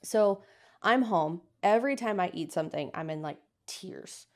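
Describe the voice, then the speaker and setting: Animated woman telling her story. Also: fairly low pitch, normal speed. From United States. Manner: lively storyteller, acts out quoted voices. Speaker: guest. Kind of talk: personal storytelling in an interview.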